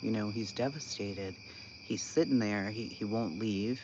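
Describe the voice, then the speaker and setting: Slow-talking man, incredulous and animated. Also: on the low side. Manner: animated, incredulous, laughing often. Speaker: channel host. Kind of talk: casual commentary on online drama. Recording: dull lo-fi sound with constant background noise.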